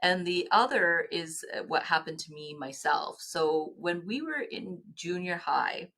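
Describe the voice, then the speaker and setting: A middle-aged woman speaks as a podcast guest. Her voice sits a little low. She tells her stories earnestly, pausing and restarting her sentences as she goes. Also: expressive, gravelly, pushed and bright. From Canada. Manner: earnest, halting, with many restarts. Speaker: guest, nonprofit executive. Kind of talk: podcast interview storytelling.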